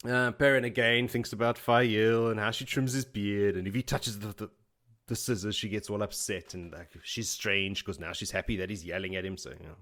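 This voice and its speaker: A man hosting a podcast, recapping a book in casual chat, laughing often and acting out characters' lines as quick paraphrased quotes. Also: fairly low pitch, a bit bright. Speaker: podcast host.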